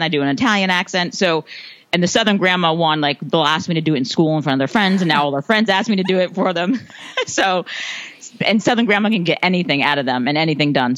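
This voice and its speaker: Laughing, chatty mom on a podcast. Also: female voice, low-pitched, brisk, fairly bright tone, dry recording, rough recording. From United States. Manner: chatty, laughs often, restarts phrases. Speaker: podcast guest. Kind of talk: casual interview answers.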